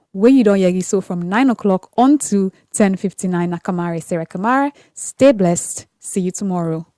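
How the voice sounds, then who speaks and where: A woman's voice: medium pitch, no echo. Woman, radio host, casual chat, effusive thanks, dry close sound. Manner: warm, effusive, repeats thanks often. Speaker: radio breakfast show host. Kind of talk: casual radio chat reading listener comments. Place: radio studio.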